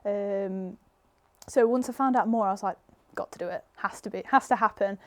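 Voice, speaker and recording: A woman's voice: medium pitch, normal speed, a little mellow. A young woman with an English accent, chatting casually as an interview guest, full of "like" and "you know". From England. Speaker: guest footballer.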